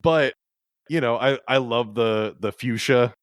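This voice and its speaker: A man in casual podcast chat about a movie, relaxed and a little hesitant, with many fillers. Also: medium pitch, unhurried, smooth, no echo, studio quality.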